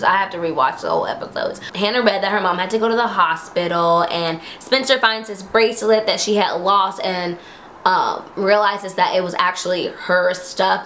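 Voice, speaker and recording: A young woman recapping a TV episode in casual chat, acting out quotes in high voices. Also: brisk, fairly bright tone, a little hiss or hum.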